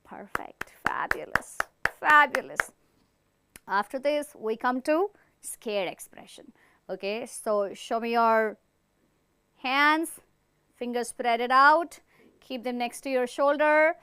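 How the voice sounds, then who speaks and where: A woman's voice: on the high side, slow, fairly bright tone, clean tone, no room sound. A woman from India teaching an online acting class, giving step-by-step instructions and praising her students often. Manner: encouraging, demonstrates expressions with big acted lines. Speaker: theatre teacher.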